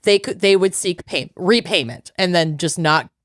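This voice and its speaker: A woman's voice: on the low side, normal speed, dry recording, studio quality. A woman co-hosting a podcast, casually retelling a true crime case and reading out court quotes, with some swearing. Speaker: podcast co-host.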